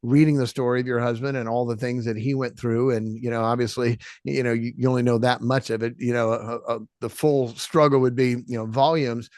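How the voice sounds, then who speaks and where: A man's voice: medium pitch, level tone, brisk, few pauses, darkish tone. A middle-aged pastor hosts a podcast interview in a mid-range male voice. He tells stories earnestly and leans hard on key words, and his voice comes across close and dry with no room echo. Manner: earnest, emphatic. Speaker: host and pastor. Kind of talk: podcast interview, preacher's storytelling.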